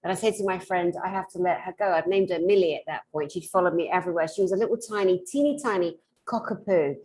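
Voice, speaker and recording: A woman's voice: lowish voice, fast talker, poor audio. A woman telling an anecdote casually, rambling and correcting herself as she goes. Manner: rambling, self-correcting, animated. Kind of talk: casual storytelling.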